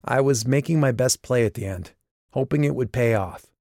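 A man voicing the wry, gentle ghost of a young man in an audiobook. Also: medium pitch, normal speed, no echo, clean studio sound, voice pushed up, natural voice.

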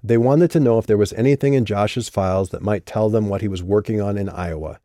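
A man reading an audiobook and voicing a guarded, quick-witted young woman who was once in a band. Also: fairly low pitch, dark tone, dry recording, clean studio sound, close to an everyday voice. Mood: evasive.

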